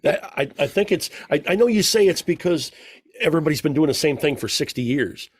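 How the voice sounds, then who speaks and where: A man's voice: on the high side, animated, brisk, slightly rough, dry recording, clean studio sound. A man co-hosting a podcast, asking friendly, stammering questions in casual talk. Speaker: podcast co-host.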